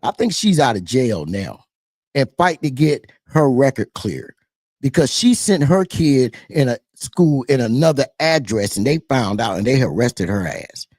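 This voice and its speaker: A political talk show host with a Southern US twang offers casual commentary straight to his viewers, animated and preachy, repeating his points and calling the audience "y'all." His mid-range voice moves a little slowly, and the studio-quality recording has no room sound.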